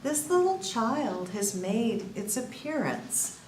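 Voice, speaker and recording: At a faith workshop, an older woman with a fairly high voice slowly shares her testimony with a small group, telling the story with liveliness and laughing at her own punchlines. She's recorded from a distance in an echoey room with faint background noise.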